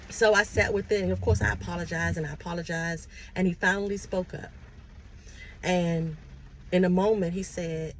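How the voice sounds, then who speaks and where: A woman's voice: on the low side, fairly even intonation, moderate pace, slight background noise. A woman talking earnestly and casually about her faith, sharing personal testimony while driving her car. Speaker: spiritual vlogger. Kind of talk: casual motivational talk.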